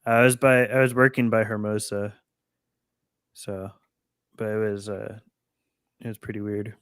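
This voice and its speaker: A man co-hosting a casual basketball chat, laid-back and quick to laugh, breaking down plays like an analyst. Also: lowish voice, flat delivery, smooth, no echo, clean studio sound. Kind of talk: casual live game chat.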